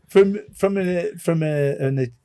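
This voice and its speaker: Male podcast host, joking and teasing, slightly high voice. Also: slow, dark tone, a little hiss or hum. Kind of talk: casual chat.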